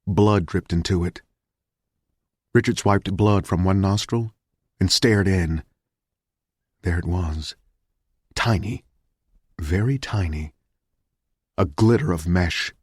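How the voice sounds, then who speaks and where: A man reading a thriller audiobook in a measured, grim narration. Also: low-pitched, darkish tone, husky, no echo, studio quality.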